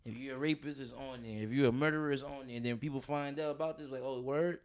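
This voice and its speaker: Laughing, joking man with a smooth voice. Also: medium pitch. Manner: laughing, animated storyteller doing quick voices. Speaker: comedian co-host. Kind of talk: casual comedic chat.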